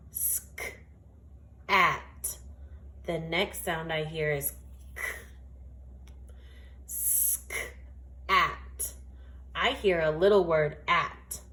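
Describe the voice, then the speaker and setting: A woman teaching a phonics lesson, speaking slowly and carefully and sounding out each word. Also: on the low side. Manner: slow, deliberate, sounds out words.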